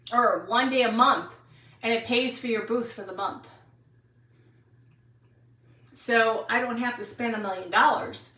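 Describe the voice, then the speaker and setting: A woman in her sixties from Wisconsin rambles cheerfully through a home craft livestream and stops often to answer viewers. Her voice is bright and sits a little high. She is some distance from the mic in a room with a roomy echo. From Wisconsin, USA. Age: 60s. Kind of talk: casual craft livestream chat.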